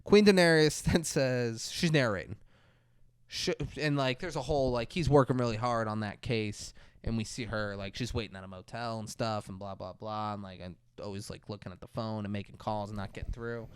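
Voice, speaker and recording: A man co-hosting a podcast, casually and profanely recapping a movie with animated asides. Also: fairly low pitch, fairly quick, clean tone, no room sound, studio quality. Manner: profane, animated retelling with mock voices. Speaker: podcast co-host. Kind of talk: casual movie review chat.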